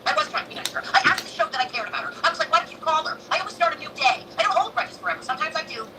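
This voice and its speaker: A woman's voice: high-pitched, very fast. A woman ranting heatedly and profanely on a livestream, in a clip played back from a distance with background noise. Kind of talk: angry livestream rant.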